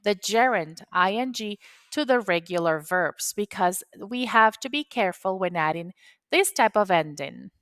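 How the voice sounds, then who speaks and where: An English teacher whose first language is Spanish patiently walks through a grammar rule step by step, repeating the key points. Her mid-range voice is expressive and fairly bright, at normal speed with no echo.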